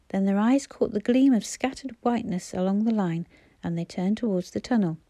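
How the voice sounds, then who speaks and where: Woman narrator, measured audiobook reading, warm tone. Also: medium pitch, no room sound. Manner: steady, measured storytelling.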